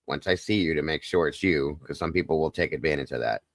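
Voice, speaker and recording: A man hosting a live stream, talking softly and consolingly to viewers in the chat. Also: rumbling low, fast, no room sound, studio quality. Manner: soft, consoling, emotional. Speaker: livestream host.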